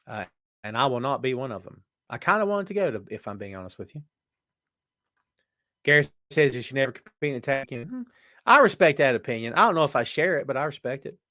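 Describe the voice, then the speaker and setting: A man hosting a live wrestling podcast, chatting casually and reading out viewer comments in an animated way. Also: mid-range voice, no room sound, clean studio sound. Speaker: podcast host. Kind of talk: live-chat wrestling talk.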